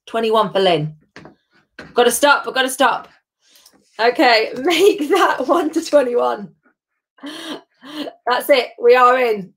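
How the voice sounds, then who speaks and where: A woman's voice: on the high side, slow pace, pauses often, a bit bright. A woman hosts a live-streamed tasting from home. She chats in a bubbly way and greets viewers by name. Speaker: host of a live gin tasting.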